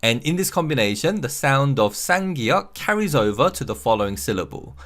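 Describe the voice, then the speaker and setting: A man narrating a scripted language lesson, explaining clearly and repeating example words slowly and carefully. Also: medium pitch, a bit bright. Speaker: language teacher.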